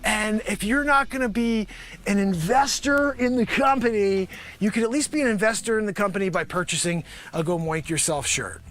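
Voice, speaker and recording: At a live improv comedy show, the male host wanders through a pitchman sketch, speaking to an imaginary panel and occasionally letting out a shout. He keeps a moderate pace.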